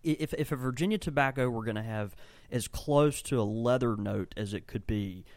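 Speaking at a moderate pace in a darkish, medium-pitched voice with no echo, a tobacco shop owner and blender chats on a podcast. His enthusiasm makes him ramble, and he frequently restarts what he's saying.

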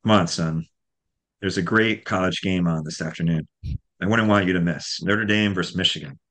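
A man reading as a gentle middle-aged father. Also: low voice, normal speed. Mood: easygoing. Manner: soft and forgiving. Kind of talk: reading aloud from a novel.

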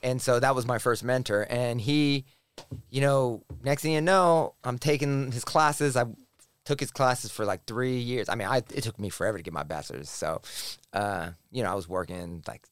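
A man, a poet and professor, telling a story in casual podcast talk, profane and animated, acting out the people he quotes. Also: medium pitch, moderate pace, clear, resonant tone, dry recording.

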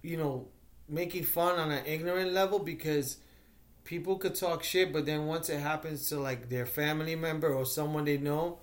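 A man's voice: on the high side, steady tone, normal speed. A man hosting a podcast in loose, rambling casual chat, full of fillers and swearing. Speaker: podcast host.

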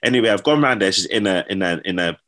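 A man with a low-sitting voice talks fast as he tells stories in casual slang. He's animated and acts out what people said.

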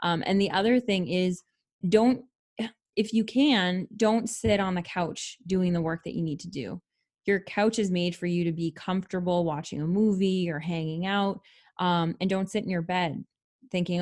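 A woman co-hosting a podcast, offering practical everyday advice in loose conversation. Her voice sits on the lower side for a woman. She talks freely, peppering it with ums and likes. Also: steady tone, normal speed, a little mellow. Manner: chatty, advice-giving, frequent fillers. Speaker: podcast co-host. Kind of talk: casual chat.

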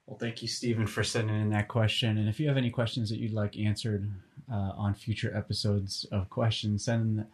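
A man's voice: on the low side, little pitch movement, a little fast. A man co-hosting, giving brief affirmations and closing the episode a little off-mic. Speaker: co-host.

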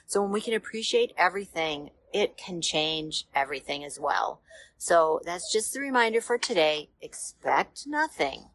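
A woman hosting a motivational podcast, talking in a gentle, reassuring, conversational way with small pauses and fillers. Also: fairly low pitch, expressive. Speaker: podcast host.

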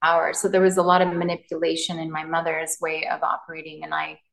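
A woman's voice: low-pitched, completely flat delivery, fast, gravelly, fairly bright tone, echoey room, rough recording. A woman relationship coach, a podcast guest, telling personal stories in an open, heartfelt way. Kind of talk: candid interview talk.

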